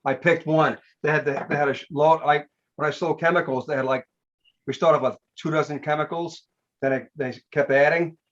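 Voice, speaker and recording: An older man speaking casually on a live webinar, halting and restarting as he talks. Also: a little high, fairly even intonation. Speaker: webinar participant. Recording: dull lo-fi audio.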